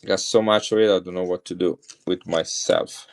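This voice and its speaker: A deep-voiced middle-aged man with an Italian accent talks casually on a live stream. He chats with viewers and shows off coins as he goes. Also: fairly even intonation, moderate pace, smooth. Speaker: coin seller on a live stream.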